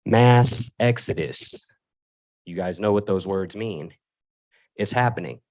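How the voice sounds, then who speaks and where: A man's voice: low voice, normal speed. A man giving an impassioned public comment at a school board meeting, asking the board pointed rhetorical questions.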